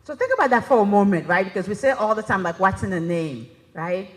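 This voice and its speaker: A woman's voice: mid-range voice, sing-song, fast talker. A woman giving a conference presentation in a chatty, conversational way, often checking in with "right?". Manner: conversational, keeps asking "right?". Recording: reverberant hall.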